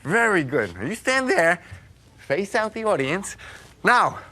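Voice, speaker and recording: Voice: mid-range voice, very animated, measured pace, pushed and bright. An actor as a big, silly, happy-go-lucky wolf. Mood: playful. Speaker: stage actor in a children's show. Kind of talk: live children's theatre, talking to the audience. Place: theatre stage with a live audience.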